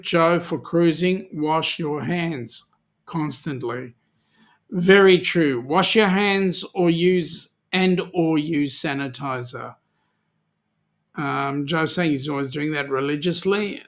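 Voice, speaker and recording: A man's voice: a little high, fairly bright tone. An Australian man hosting a live chat show, reading out viewer comments and joking around with many ums. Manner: chatty, jokey, many ums. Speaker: host.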